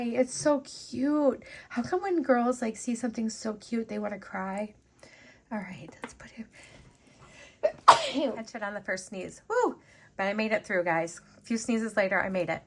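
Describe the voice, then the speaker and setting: A woman hosting a casual jewelry-making vlog, gushing and excitable, chatting to viewers as she unboxes beads. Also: on the high side. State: teary and sniffly after sneezing. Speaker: jewelry-making channel host.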